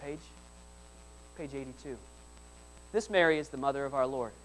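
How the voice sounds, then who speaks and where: A man preaching a sermon to a congregation in church. He builds repeated lines into loud emphatic peaks and drops to soft, quiet asides between them. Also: medium pitch, normal speed, slight background noise, rough recording. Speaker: pastor. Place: church service before a congregation.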